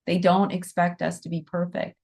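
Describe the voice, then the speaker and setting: A middle-aged woman with a slightly low voice teaches in an earnest, soothing way. She talks casually and keeps checking in with her listeners. Her delivery is warm and unhurried. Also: flat delivery. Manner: earnest, soothing, with frequent "right?" and "you know". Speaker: animal Reiki teacher. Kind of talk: informal teaching talk.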